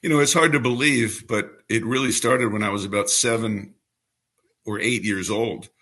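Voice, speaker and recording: A man in his seventies from New York City, a baseball radio broadcaster appearing as a guest, tells a story in an interview answer. His seasoned play-by-play voice is bright and clear, lowish in pitch, with a New York accent mostly trained away. He speaks at a moderate pace as a relaxed, anecdotal storyteller with polished announcer delivery.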